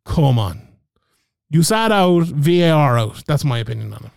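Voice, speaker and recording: A man's voice: on the high side, sing-song, a little fast, gravelly, clean tone, no echo, clean studio sound. A man co-hosting a casual podcast, ranting animatedly and swearing freely. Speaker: podcast co-host.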